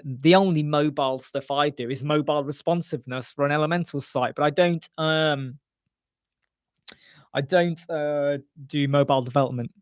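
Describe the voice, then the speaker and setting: A man's voice: a little high, no echo. Dry-sounding man chatting live. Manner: animated, acts out customer quotes, repeats points for emphasis. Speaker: web designer hosting a live web chat. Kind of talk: casual live-stream chat answering viewers. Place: small home studio room with soundproof panels.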